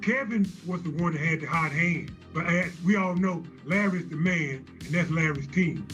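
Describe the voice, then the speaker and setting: A man's voice: a little high, moderate pace, fairly bright tone, soft background music. A man telling amused anecdotes in an interview clip. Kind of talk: storytelling in interview.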